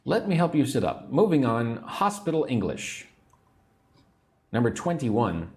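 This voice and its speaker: A man's voice: mid-range voice, very animated, measured pace, long pauses, a little mellow. A man teaching an English lesson on a livestream, patiently repeating words for learners and sounding a little sleepy. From United States. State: sleepy, yawning.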